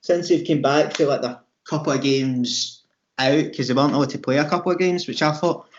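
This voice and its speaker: A man's voice: on the high side, brisk, slight background noise. Scottish man chatting on a lo-fi podcast. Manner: chatty, rambling with restarts. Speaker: podcast co-host. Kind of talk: casual chat. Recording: dull lo-fi sound.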